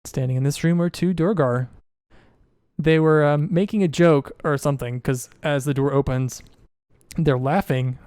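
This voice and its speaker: Mellow-voiced man narrating a tabletop game. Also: on the high side, normal speed, smooth, dry recording, clean studio sound. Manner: loose, filler-heavy narration. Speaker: game master.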